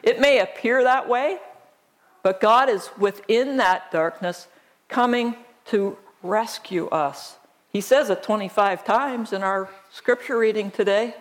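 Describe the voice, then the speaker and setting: Sex: woman. Role: pastor. Style: slow, conversational sermon with scripture reading and rhetorical questions. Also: medium pitch.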